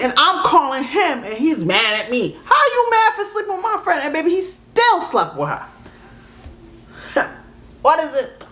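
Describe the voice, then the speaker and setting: A woman's voice: fairly high pitch, a bit bright. Sassy, laughing woman reacting. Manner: laughing often, sassy, calls listeners "baby". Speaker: reaction video host. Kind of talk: animated reaction commentary.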